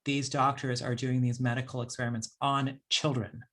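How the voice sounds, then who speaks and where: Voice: mid-range voice, flat delivery, moderate pace, fairly bright tone. An author in a book conversation, speaking earnestly about difficult research and using many fillers.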